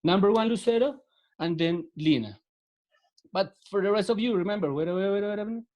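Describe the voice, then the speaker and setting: A man's voice: high-pitched, moderate pace, a little mellow, muffled recording. A man who speaks English with a Spanish accent, teaching an online class over a video call. He talks patiently, repeats words and gives step-by-step instructions. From Latin America.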